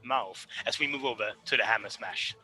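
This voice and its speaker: A man narrating as game master of a tabletop game, lively and animated. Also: on the low side, fairly quick, low-quality recording.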